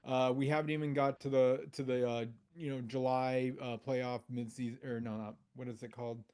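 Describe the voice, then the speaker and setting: A man's voice: mid-range voice, level tone, moderate pace, a little mellow, clear, resonant tone. A man co-hosting a casual movie podcast over a video call, explaining his pick in enthusiastic, meandering talk. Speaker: podcast co-host. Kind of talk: casual chat among friends.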